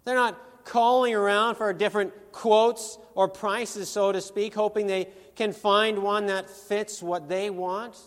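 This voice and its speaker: A man's voice: sits high, steady tone, unhurried, hardly any pauses. A man preaching a sermon in an earnest, emphatic way, with rhetorical questions. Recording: long hall reverb.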